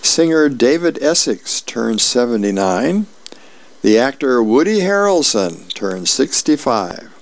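A middle-aged man volunteering as a reader, reading newspaper comics and celebrity birthdays aloud in a friendly, unhurried way with small asides. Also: medium pitch, sing-song, creaky, no room sound.

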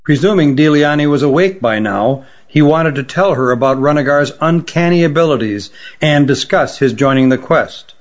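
A man narrating a fantasy story in a steady, even storytelling manner. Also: a little high, moderate pace, few pauses, muffled recording. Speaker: audiobook narrator.

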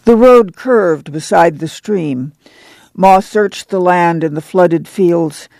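A woman narrating an audiobook in a steady reading voice. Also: fairly low pitch, slow, vocal fry, no room sound.

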